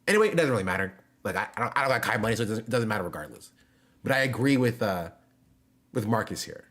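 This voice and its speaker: A man's voice: fairly low pitch, animated, fast talker, a bit bright. A young man chatting casually with his live-stream audience, joking and loose, full of slang and fillers. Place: home.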